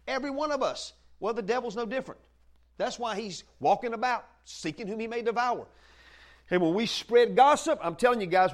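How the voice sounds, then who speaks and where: A man preaching in a loose, folksy way, his voice sitting a touch higher than most men's. He keeps it lively and conversational, moving between plain teaching and playful asides to the room. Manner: folksy and animated, acts out quoted voices, laughs often. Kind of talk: conversational sermon. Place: church meeting room with listeners.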